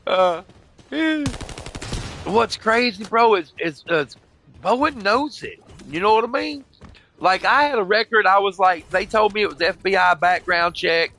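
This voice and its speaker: A man's voice: sits high, expressive, measured pace, gravelly, bright, forceful tone, a little hiss or hum. An older man telling a long, rambling, emotional story in casual chat, swearing often and saying "bro" and "you know what I mean" again and again. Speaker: gamer chatting on voice chat.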